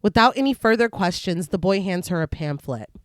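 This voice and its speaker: A woman's voice: on the low side, lively intonation, brisk, no room sound, clean studio sound. A woman co-hosting a podcast, reading plot recaps and chatting casually, often breaking into laughter. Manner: laughs often, reads scene summaries steadily. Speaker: podcast co-host. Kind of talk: casual film discussion with read plot recap.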